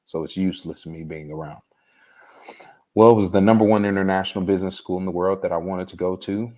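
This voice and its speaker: A man as an interview guest, telling a personal story in an earnest, unhurried way. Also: low voice, fairly even intonation, a little mellow.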